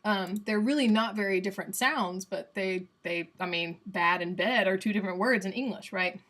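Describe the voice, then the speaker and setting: Southern gal streaming a phonetics lesson, playful and chatty, middle-pitched voice, says the sounds out loud. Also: female voice, normal speed. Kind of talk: casual livestream lesson.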